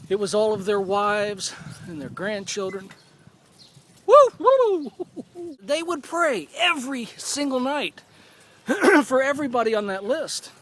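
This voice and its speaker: A man in his forties talking earnestly and thoughtfully in a personal video blog, pausing and restarting as he goes. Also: high-pitched, animated, a bit bright. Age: 40s. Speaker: vlogger. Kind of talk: reflective personal vlog monologue.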